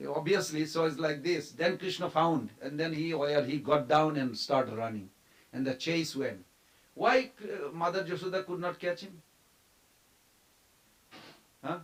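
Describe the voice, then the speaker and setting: A man giving a devotional storytelling class at a temple, animated, quizzing his listeners and briefly acting out the figures in the story. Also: on the high side, a little slow, long pauses, low-quality recording. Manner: animated, quizzes the audience, acts out quoted figures.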